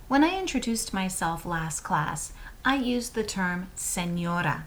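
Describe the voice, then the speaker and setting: A woman teaching Spanish words to young students, saying each word slowly and asking the class to repeat it. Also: medium pitch, animated. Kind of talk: slow, clear classroom instruction to children.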